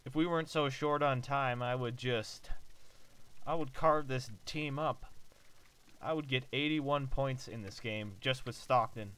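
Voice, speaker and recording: A man giving casual commentary on a basketball video game he is playing, joking, swearing and breaking into loud outbursts. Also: medium pitch, a little slow, clear, resonant tone, poor audio. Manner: excitable, joking and profane, with sudden loud outbursts. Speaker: let's play gamer.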